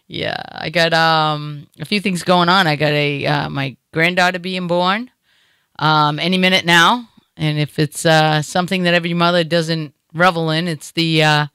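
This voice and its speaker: Middle-aged woman host with a Boston accent, bright and smooth, chatty and jokey, dry studio sound. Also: sits low, steady tone, measured pace, no room sound. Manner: chatty, joking, rambling with fillers. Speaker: radio show host. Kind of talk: casual comedic chat.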